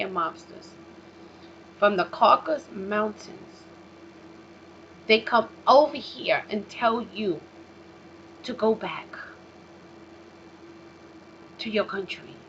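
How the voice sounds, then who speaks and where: Profane ranting woman on a lo-fi vlog. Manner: profane, emphatic, swings between loud outbursts and low mutters. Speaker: vlog host. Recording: dull lo-fi recording with faint noise.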